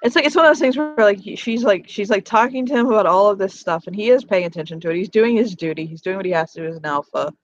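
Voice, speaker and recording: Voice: mid-range voice, fast, few pauses. A game narrator describing characters' actions in a tabletop game, rambling, swearing and laughing often. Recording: dull lo-fi mic, faint hiss.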